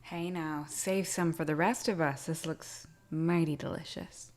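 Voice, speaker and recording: A woman's voice: low voice, fairly even intonation, a little slow. A woman playing a tabletop game, playfully describing her character's actions. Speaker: player.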